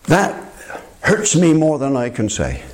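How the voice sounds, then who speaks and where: Older husky-voiced man preaching with animation. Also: medium pitch, slow pace. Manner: animated, emphatic, addresses listeners as my friend. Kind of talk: sermon.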